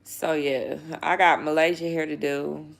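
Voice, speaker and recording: A woman's voice: deep voice, level tone, a little slow, vocal fry. A young pregnant woman chatting casually to camera, blunt and swearing a lot, laughing often, and feeling sick. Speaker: vlogger.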